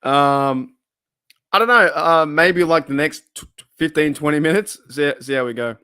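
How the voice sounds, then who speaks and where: A man's voice: on the high side, normal speed, bright, forceful tone, clean tone, dry recording, clean studio sound. An Australian man hosting a casual livestream, chatting, laughing often and reading out viewer comments. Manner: chatty, laughs often, reads chat aloud. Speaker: livestream host.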